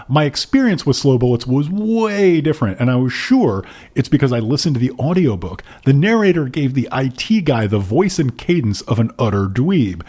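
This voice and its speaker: A man's voice: mid-range voice, dark tone, breathy edge. A man co-hosting a podcast, reading listener letters aloud in a casual chat. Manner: reads letters aloud, playful mock accents. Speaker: podcast co-host.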